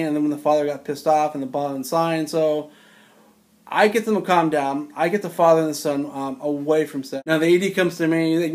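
A man in his forties telling a rambling, incredulous story in casual conversational style. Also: on the high side. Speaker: storyteller recalling film-set security work. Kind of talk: casual spoken anecdote.

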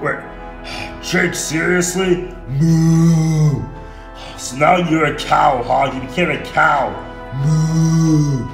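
A man's voice: a little high, a little slow, vocal fry, a bit bright, roomy sound, faint music behind. A man voicing a cartoon, talking in a whiny, exasperated way. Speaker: cartoon narrator and voice actor. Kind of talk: cartoon acting.

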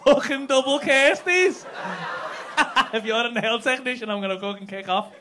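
A man's voice: extremely high pitch, normal speed. A male stand-up comedian doing brash, profane crowd work on a comedy club stage with a handheld mic. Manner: brash, profane teasing banter. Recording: live club recording with background noise.

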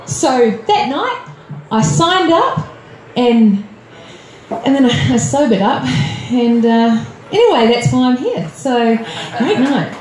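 A woman's voice: a little high, very animated, slow, darkish tone. A woman from Australia doing a nervous, self-deprecating stand-up set, chatty and full of ums. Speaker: stand-up comedian. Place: comedy club stage. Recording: roomy club with faint crowd noise.

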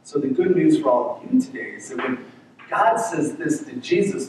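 A man's voice: on the high side, very animated, normal speed, darkish tone, slight background noise. A male pastor giving an earnest, conversational sermon, often repeating words as he goes. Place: church sanctuary. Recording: echoey church sanctuary, mic at a distance.

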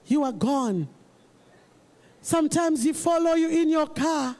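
A pastor preaching a sermon, emphatic and repetitive, rising to shouts. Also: high-pitched, a little slow, pauses often.

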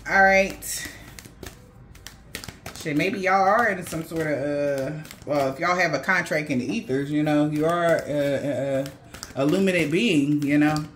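A woman's voice: deep voice, measured pace, a little hiss or hum. A woman giving a casual spiritual reading to her viewers, cursing freely, laughing often and talking straight to them. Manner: profane, laughing, animated, talks straight to viewers. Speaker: psychic reader.

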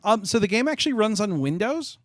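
A man's voice: high-pitched, sing-song, a little fast, dry recording, clean studio sound. A man answering questions as the guest game developer in a webinar, chatty and correcting himself as he goes. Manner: chatty, restarts and self-corrects.

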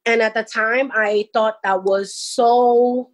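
Husky-voiced young woman telling her story. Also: on the high side, steady tone, slow, few pauses, low-quality recording. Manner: rambling with frequent restarts. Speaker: interviewee recounting a personal experience. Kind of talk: personal storytelling.

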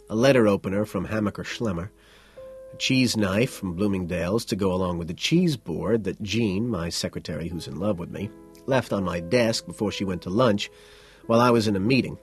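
A man reading an audiobook in first person, in a cool, detached, matter-of-fact way. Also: fairly low pitch. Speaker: audiobook narrator.

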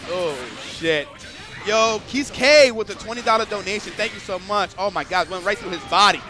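A man doing live commentary on a fighting game match, excitable and swearing freely, breaking into shouts. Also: sits high, normal speed, over music.

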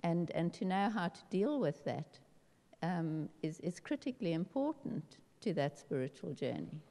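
A woman's voice: on the low side, expressive, moderate pace, gravelly, warm tone. A woman taking part in a seminar discussion, thoughtful and hesitant, often restarting her phrases. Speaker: seminar participant. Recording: reverberant hall.

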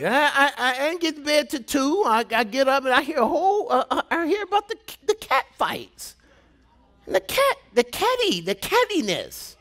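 A male pastor preaching a sermon, animated, dropping to hushed tones for emphasis and telling stories with laughing asides. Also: very high-pitched, moderate pace.

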